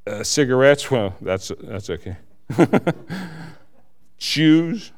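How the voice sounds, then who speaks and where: A man's voice: medium pitch, expressive, slow. A man giving a church testimony, earnest and self-mocking, laughing at his own stories.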